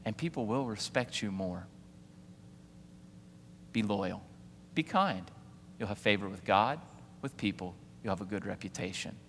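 A male pastor in his forties delivers a sermon, peppering the congregation with rhetorical questions and asking them to repeat after him. His voice is bright and forceful. A long reverb trails after each phrase, as in a large church hall. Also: fairly low pitch, unhurried, long pauses, slight background noise. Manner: preaching with rhetorical questions and call-outs to the congregation.

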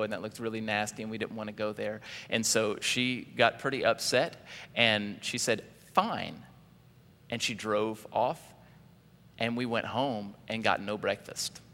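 A male pastor preaching with a bright, forceful voice and an animated delivery, often putting questions to the congregation. His words ring out with a long hall reverb. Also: on the low side. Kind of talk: sermon.

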